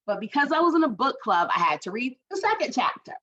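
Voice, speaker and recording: A woman's voice: a little high, brisk. Chatty woman in her forties, lo-fi. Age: 40s. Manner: conversational, animated, with many fillers and "right?" asides. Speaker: guest speaker at a community forum. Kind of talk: casual storytelling talk.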